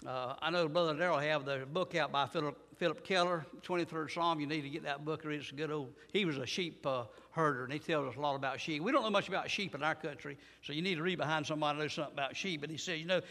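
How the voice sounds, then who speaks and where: Folksy preacher with a high, bright voice. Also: male voice, quick pace, few pauses, in a large hall. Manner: folksy storytelling, rising to emphatic bursts. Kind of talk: sermon.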